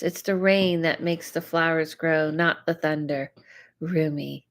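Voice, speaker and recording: A woman's voice: low voice, fairly even intonation, measured pace. A woman psychic host giving live readings, chatty and reacting to viewer comments aloud. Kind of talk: live-stream reading chat.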